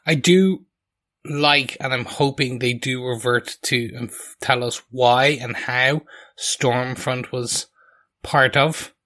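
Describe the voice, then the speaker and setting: A man's voice: medium pitch, steady tone, sharp tone. An Irish man co-hosting a podcast, chatting casually and correcting himself as he goes. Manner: quick, chatty, self-correcting. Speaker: podcast co-host. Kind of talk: casual chat.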